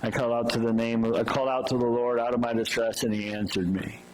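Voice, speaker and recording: A man's voice: mid-range voice, flat delivery, fast, noisy background. A male pastor preaching a sermon, retelling a Bible story in a loose, storytelling way with restarts and asides.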